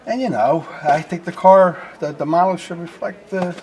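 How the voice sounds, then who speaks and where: A man's voice: on the high side, moderate pace, darkish tone, close to an everyday voice. Pushy, stammering guy working an angle , a man in the role. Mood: wheedling. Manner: hesitant, wheedling, full of fillers. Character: pushy male car owner seeking a favor.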